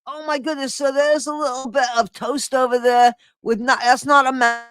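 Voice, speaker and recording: Excitable woman chatting to stream viewers. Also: high-pitched, moderate pace, clear, resonant tone, dry recording, clean studio sound. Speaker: streamer host. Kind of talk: casual live-stream chat.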